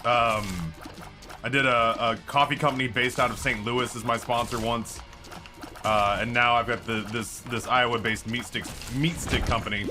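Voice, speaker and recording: A male game streamer with a mid-range voice talks at normal speed in a steady tone over background music. His chat is loose, rambling, and chatty, and he corrects himself often.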